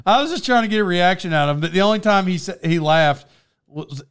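A man's voice: high voice, animated, quick pace, a bit bright, clear, resonant tone. A man telling stories in casual chat, laughing often.

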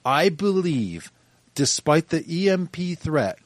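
A man's voice: a little high, takes it slowly, no room sound. Male podcast co-host, conversational and restless, restarts a lot, dry close mic. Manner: talks in bursts, restarts often, animated when mimicking others.

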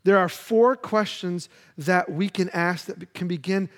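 High-voiced male pastor preaching in a hall. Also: steady tone, unhurried. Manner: earnest, building to fervent pleas when reading scripture. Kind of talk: sermon.

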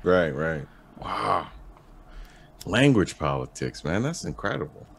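A man talking as a guest in a casual interview, laid-back and halting, with many restarts and fillers. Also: deep voice, big pitch swings, creaky, a bit bright, husky. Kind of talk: casual podcast chat.

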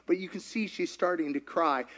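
A man preaching a sermon, telling a story in an animated, chatty way and laughing often. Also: high-pitched, normal speed. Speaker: pastor.

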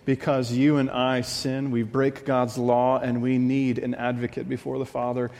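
A man's voice: mid-range voice, completely flat delivery, moderate pace, darkish tone, big-room sound. A man preaching a sermon as pastor, earnest and confessional, often repeating his phrases as he builds a point.

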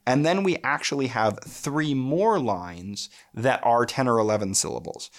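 A man giving a lecture on poetry, thoughtful, with frequent filler pauses, reading verse aloud. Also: mid-range voice, lively intonation. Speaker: literature lecturer.

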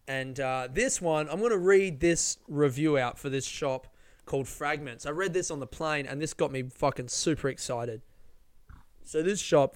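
Smooth-voiced guy, sweary rambler. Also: a little high. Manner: rambling, sweary, self-mocking. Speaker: vlogger. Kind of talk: casual storytelling monologue.

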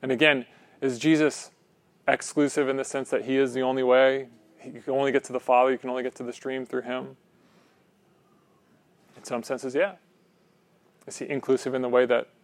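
A man's voice: mid-range voice, flat delivery, moderate pace, pauses often, dry recording. A man preaching a sermon in a conversational way, often checking in with "right?".

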